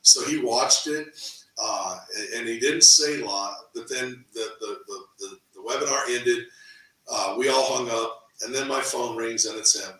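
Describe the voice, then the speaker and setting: A middle-aged man tells a story in a casual interview, lively, repeating words and acting out quotes. His voice is bright and forward. It is recorded in an echoey room from some way off the mic. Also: mid-range voice, moderate pace, recorded from a distance. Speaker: real estate team owner, interview guest.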